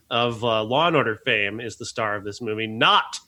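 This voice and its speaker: A man's voice: fairly low pitch, normal speed, hardly any pauses, pushed and bright. A man co-hosting a movie review podcast, ranting with swearing and frequent laughter. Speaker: podcast co-host. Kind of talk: casual movie review chat.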